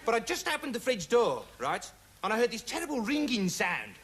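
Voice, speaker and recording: An actor in a TV sketch comedy plays a dim, rambling young man who calls himself an investigator, delivering a digressive monologue packed with "you know" and "right." His full character voice is extremely high, swoops wildly in pitch and runs a little fast. The noisy early-1980s TV audio carries loud studio audience laughter.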